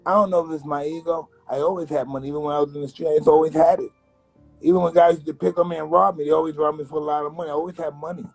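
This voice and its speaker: Man, 50s, from the US, husky voice, blunt storyteller, faint music behind. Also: fairly high pitch, steady tone, very fast, darkish tone, rough recording. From United States. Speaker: guest. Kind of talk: candid interview storytelling.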